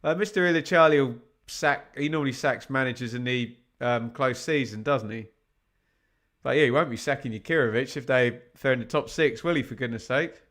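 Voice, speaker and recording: A man's voice: medium pitch, fairly quick, a bit bright. Guy doing live football watch-along commentary, chatty, reads scores out, keeps asking the chat stuff, normal mid voice.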